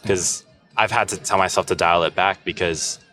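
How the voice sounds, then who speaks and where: Young male musician, very low voice, easygoing casual talker, soft music bed. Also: steady tone, moderate pace. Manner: easygoing, laughs often, many fillers. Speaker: musician guest. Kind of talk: casual conversation.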